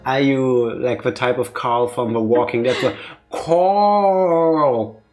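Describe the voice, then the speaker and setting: A man's voice: medium pitch, little pitch movement, a little mellow, soft background music. A man hosting a let's play, chatting and joking casually about the game. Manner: joking, chatty, quick to tease. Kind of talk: casual gaming commentary.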